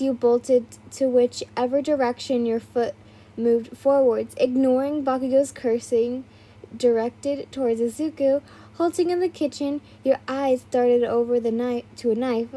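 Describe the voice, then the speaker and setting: Husky woman reading fan fiction. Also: high-pitched, dark tone. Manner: casual, stumbling asides. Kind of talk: reading a fan story aloud.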